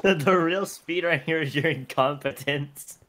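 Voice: mid-range voice, measured pace. A friend bantering casually and sarcastically about another player's gameplay, often laughing. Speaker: friend watching the run. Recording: loud background noise and clicks.

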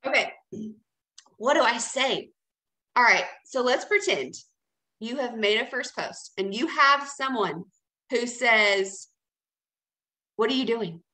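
A woman's voice: a little high, expressive, slow, long pauses, pushed and bright, reverberant, poor audio. A woman leading a casual training talk, chatty and encouraging, often checking in with "okay?". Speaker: team leader training new sellers.

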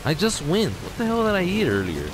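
A young man hosting a let's play, excitedly exclaiming and talking to his viewers from his garage. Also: high voice, fairly quick, background noise. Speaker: gaming channel host. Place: home garage.

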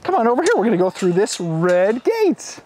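A man with a bright, high voice presenting to small children outdoors by a farm pen. His pitch leaps up and down wildly as he gasps in excitement and sing-songs animal noises. He sounds like a kids' show host. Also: moderate pace, a little hiss or hum.

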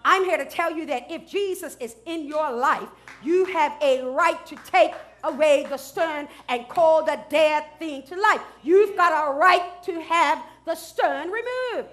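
A woman pastor preaching a sermon, dropping to hushed asides and rising to loud shouts, with features. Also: high-pitched, animated, measured pace. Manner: swings from hushed asides to loud shouted declarations, laughs often.

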